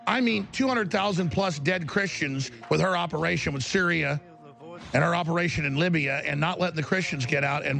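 A man's voice: fairly high pitch, gravelly, fairly bright tone. A man hosting a broadcast, delivering a fervent, ranting monologue with emphatic repetition. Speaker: talk show host.

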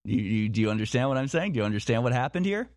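A man's voice: mid-range voice, big pitch swings, very fast, darkish tone, dry recording, clean studio sound. A man talking in a monologue, insistent, firing off repeated rhetorical questions and often restarting his sentences. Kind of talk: monologue commentary.

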